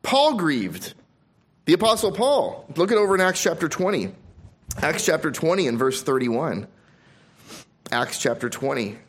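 A man preaching a sermon as pastor, reading scripture aloud and swinging between emphatic loud stresses and quiet drops. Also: on the high side, big pitch swings, measured pace, pauses often. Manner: reads scripture aloud in King James wording.

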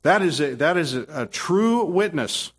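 A man's voice: a little high, expressive, a little slow, breathy edge, faint music behind. A middle-aged man preaching a sermon with emphatic, repetitive phrasing and frequent restarts. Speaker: pastor.

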